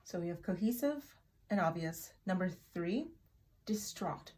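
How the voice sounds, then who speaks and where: A woman teaching an English vocabulary lesson in a chatty way, repeating words slowly for learners to echo. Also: lowish voice, animated, mellow. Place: in Oklahoma.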